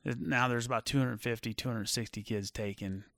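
A middle-aged former football player telling stories in a casual chat, animated and full of fillers. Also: male voice, medium pitch, normal speed, creaky, no room sound, studio quality. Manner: animated storyteller with many fillers. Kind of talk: casual storytelling.

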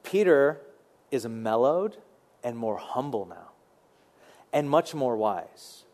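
A man preaching a sermon in a conversational, animated way, often repeating words as he thinks. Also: mid-range voice, takes it slowly. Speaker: pastor.

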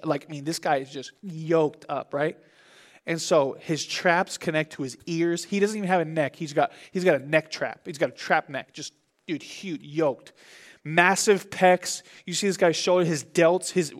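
A young man preaching a sermon as pastor, in an animated, conversational way with big swings in his voice. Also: fairly high pitch.

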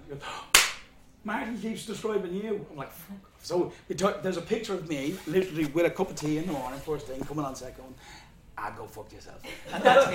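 A man speaking at a question-and-answer session, telling stories casually, swearing freely and laughing as he talks. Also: on the high side. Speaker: guest speaker on animation. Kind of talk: anecdotal Q&A talk. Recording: roomy hall with faint ambience.

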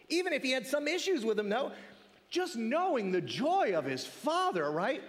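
A man preaching a sermon in an animated, conversational way, often asking rhetorical questions. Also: high-pitched, brisk, big-room sound.

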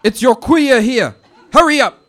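Man doing a shrill hollering old auntie. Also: lively intonation, unhurried, heavily acted. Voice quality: shrill and loud, calling out. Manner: scolding, hollering, laughing at herself. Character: loud teasing elderly Māori auntie, bossy and affectionate. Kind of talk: comic poetry performance.

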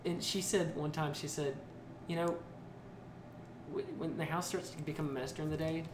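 A man's voice: on the high side, steady tone, normal speed. A man hosting a podcast, chatting in a reflective, conversational way. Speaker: podcast host. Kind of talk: casual interview chat. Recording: echoey noisy room.

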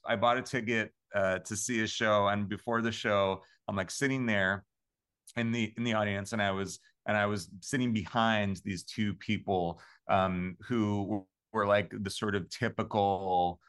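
Low-voiced man telling rambling stories. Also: fairly bright tone. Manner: rambling, many fillers and restarts, laughs often. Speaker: composer and podcast guest. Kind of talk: casual interview storytelling.

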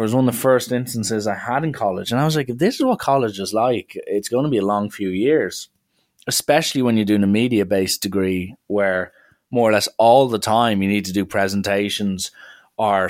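A young man, casually telling a story from his college days in a lively, chatty way full of filler words. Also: mid-range voice.

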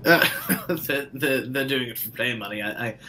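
A man's voice: mid-range voice, moderate pace, sharp tone, slight background noise. A man playing a tabletop game in character, friendly and easygoing. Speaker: player. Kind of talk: in-character tabletop role-play.

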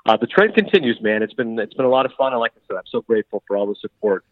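A middle-aged man from Canada, a sports broadcaster chatting as a guest in an interview, who talks quickly and acts out the dialogue he quotes. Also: mid-range voice, very animated, dry recording. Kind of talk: casual interview chat. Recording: tinny phone-like line.

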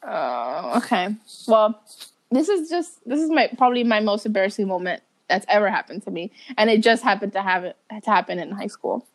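A woman's voice: big pitch swings, a little fast. A young woman co-hosting a podcast, telling a story in casual chat, giggling and acting out quotes. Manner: giggly storyteller, acts out quotes in shrill voices. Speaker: podcast co-host.

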